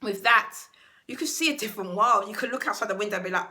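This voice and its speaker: A woman's voice: mid-range voice, fast talker, bright, forceful tone. A British woman hosting a self-help channel, giving an earnest motivational talk to camera and stressing key words by repeating them.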